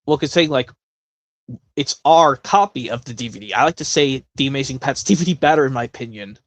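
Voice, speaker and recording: A man's voice: mid-range voice, a little fast, fairly bright tone, no room sound. A man hosting a casual live stream, chatting in a rambling way with many self-corrections.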